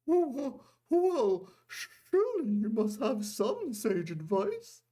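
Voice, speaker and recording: A man voicing a nervous, scheming male merchant who stammers and frets, his voice pushed high and strained. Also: huge pitch swings, measured pace, darkish tone, exaggerated voice. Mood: panicked.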